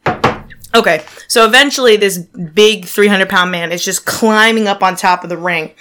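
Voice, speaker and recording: A woman's voice: medium pitch, moderate pace, fairly bright tone. A woman co-hosting a podcast, telling a story in a loose, laid-back way with lots of fillers. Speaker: podcast co-host. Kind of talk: casual chat.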